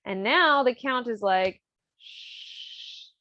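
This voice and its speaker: A woman retells an opera plot on her podcast in a loose, rambling way, with lots of fillers and easy laughter. Her voice sits at an ordinary pitch. The audio is dry and a little dull. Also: normal speed, dry recording. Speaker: podcast host.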